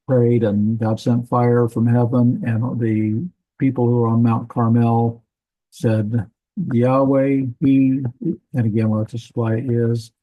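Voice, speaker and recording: Man, bible language teacher, relaxed lecture, very mellow tone. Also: medium pitch, lo-fi sound. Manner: relaxed, explanatory, with fillers. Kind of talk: classroom lecture.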